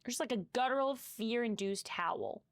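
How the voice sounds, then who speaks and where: A woman's voice: a little high, expressive, moderate pace, no echo. A woman streaming gameplay live, reading game text aloud and swearing as she talks to chat.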